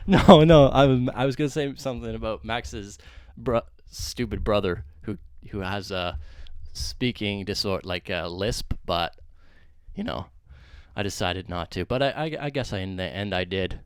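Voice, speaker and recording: A man's voice: on the low side, unhurried, smooth, no room sound, clean studio sound. A young man co-hosting a casual podcast, laughing often and stumbling over his words as he restarts. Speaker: podcast co-host. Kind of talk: casual chat.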